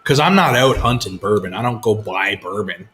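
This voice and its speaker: A man's voice: fairly low pitch, animated, moderate pace, fairly bright tone. A man hosting a casual live whisky chat, laid-back and swearing freely as he tells stories. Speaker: whisky show host.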